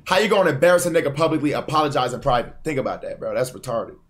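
A man's voice: mid-range voice, animated, very fast. A young man giving casual reaction commentary and often turning to his viewers to ask if they agree. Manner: chatty, asks viewers for agreement. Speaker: reaction channel host.

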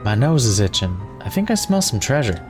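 A man voicing an excitable, treasure-hunting boy in a storybook game, talking in an eager, playful way. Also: mid-range voice, a little fast, faint music behind, lightly acted.

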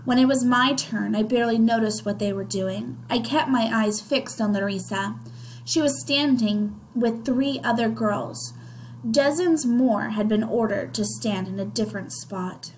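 A woman's voice: on the high side, measured pace, darkish tone, a little hiss or hum, low-quality recording. A woman reading a children's novel aloud, narrating expressively in the first person. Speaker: reader.

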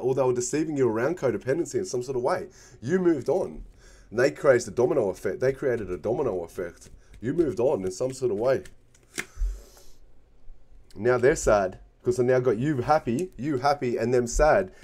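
Man, tarot reader, slightly low voice, casual and emphatic, keeps checking in. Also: warm tone. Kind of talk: casual tarot card reading.

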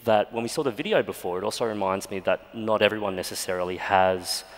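A man's voice: on the low side, quick pace. A man with an Australian accent hosting a live stage interview, moved and thoughtful. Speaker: host. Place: festival stage. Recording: long hall reverb.

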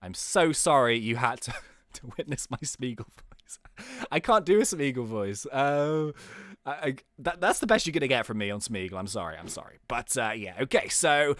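A young man hosting a gaming channel, giving chatty, excitable play-by-play commentary and often laughing at the game. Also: medium pitch, normal speed, no echo, clean studio sound.

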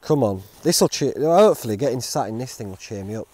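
A man's voice: medium pitch, animated, brisk, a little mellow, no room sound. A man with a grumbling, rambling and self-mocking manner, chatting casually in the woods as he reviews outdoor gear. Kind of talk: casual vlog chat.

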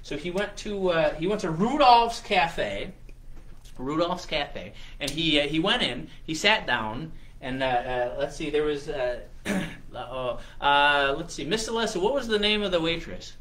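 A man's voice: on the high side, very animated, a little slow, a bit bright, slight background noise. A man hosting a children's show, making up a story on the spot with lots of fillers and playful restarts. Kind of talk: improvised storytelling for kids.

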